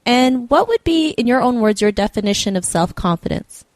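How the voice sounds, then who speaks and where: A woman's voice: on the high side, animated, moderate pace, a little mellow, no room sound. Upbeat woman podcast host, dry sound. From Canada. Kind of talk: podcast interview hosting.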